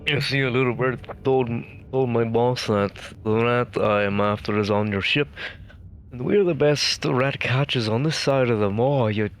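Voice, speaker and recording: A man voicing a rough, drunken male pirate thug with a fawning, mock-humble manner and stumbling speech. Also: medium pitch, moderate pace, close to an everyday voice. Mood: sly, threatening. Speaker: player.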